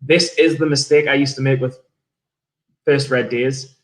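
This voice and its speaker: Speaking a little slowly in a steady, medium-pitched voice, this day trader streamer from England talks about his trades on a livestream and reads viewer messages aloud. He has an English accent, rambles casually, swears freely, and frequently starts sentences over.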